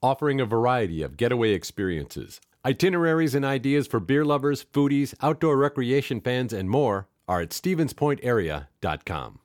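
Lively male sponsor announcer, dry sound. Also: medium pitch, normal speed, hardly any pauses, no room sound. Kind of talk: read sponsor message.

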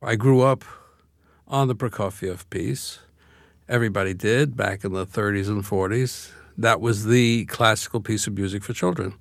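A man's voice: lowish voice, normal speed, vocal fry, dry recording, clean studio sound. An older man from Brooklyn, speaking as an interview guest in a reflective, wry way. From Brooklyn, USA. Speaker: guest author. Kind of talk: casual interview conversation.

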